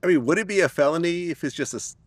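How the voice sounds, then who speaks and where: A man's voice: fairly high pitch, very fast, no echo. A male interviewer asking probing follow-up questions. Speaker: interview host.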